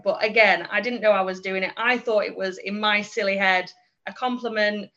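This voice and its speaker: Woman, guest trainer, candid reflective chat, mid-pitched voice, dull podcast sound. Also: steady tone, a little fast, vocal fry, fairly bright tone. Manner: candid and reflective, frequent small laughs. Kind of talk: casual podcast conversation.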